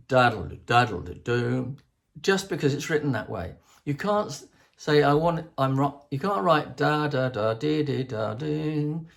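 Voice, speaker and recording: A man's voice: medium pitch, vocal fry. An older man chatting alone to camera, rambling, restarting often and singing out rhythms to make his point. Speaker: host. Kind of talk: rambling solo chat to camera.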